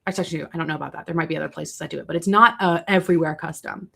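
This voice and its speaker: Chatty woman, low voice, livestream Q&A. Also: rapid-fire, gravelly, slightly rough. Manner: chatty, animated storytelling with asides. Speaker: livestream host answering questions. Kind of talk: casual livestream chat.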